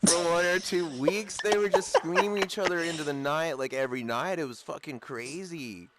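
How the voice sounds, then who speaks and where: A man's voice: a little high, moderate pace, slight background noise. A young man chatting casually while gaming, rambling through a story with frequent swearing and laughter. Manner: rambling, profane, laughs often. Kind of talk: casual chat.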